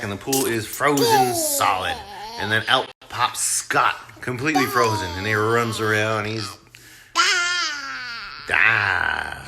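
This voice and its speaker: A man retelling a movie plot in a casual, animated way as a movie reviewer. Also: lowish voice. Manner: animated storytelling.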